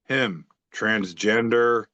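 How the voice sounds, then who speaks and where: A man's voice: fairly low pitch, drawn-out words, sharp tone, no room sound, lo-fi sound. A man co-hosting a casual podcast, reading out social media posts with a joking, rambling delivery and lots of fillers. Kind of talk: casual chat.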